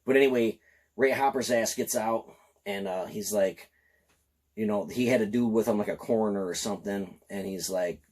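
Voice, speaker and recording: A slightly tipsy man giving an excited, profane, rambling film review. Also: fairly low pitch, moderate pace.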